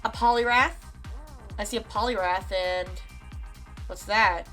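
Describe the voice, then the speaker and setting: A woman streamer giving chatty let's-play commentary as she plays, reacting out loud. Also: mid-range voice, measured pace, faint music behind. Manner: chatty, reacts out loud while reading the game's lines.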